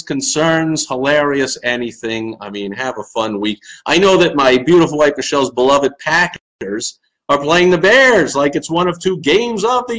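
The recording is low quality, and the man's voice is fairly high. He's a middle-aged live-stream host with a Long Island New York accent who rants sarcastically, answers viewer comments and breaks into loud mocking asides with animated energy.

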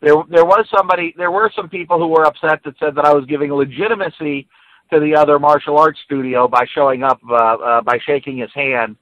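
A man's voice: on the high side, steady tone, a little fast, dry recording, narrow, tinny audio. A man co-hosting a casual podcast, talking hesitantly and stopping often to search for words. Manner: hesitant, many fillers and restarts. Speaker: podcast co-host.

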